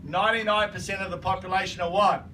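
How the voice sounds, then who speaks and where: A man's voice: high-pitched, fairly even intonation, quick pace. A man giving a motivational business training talk to a live audience. He speaks emphatically, repeats his points and keeps asking the room to agree. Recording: distant mic, noisy room.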